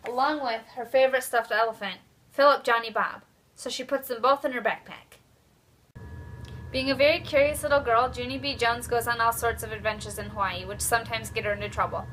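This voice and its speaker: A woman's voice: fairly high pitch, fairly bright tone, a little hiss or hum. Young woman giving a cheerful book talk. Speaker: student presenting a book talk. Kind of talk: read-aloud book talk.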